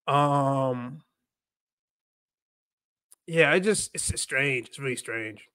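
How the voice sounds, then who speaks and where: Taking it slowly, an American man hosts a relaxed livestream, rambling, repeating himself and mixing in Spanish as he learns the language. His mid-range voice is pushed, bright and smooth, in echo-free studio-quality audio.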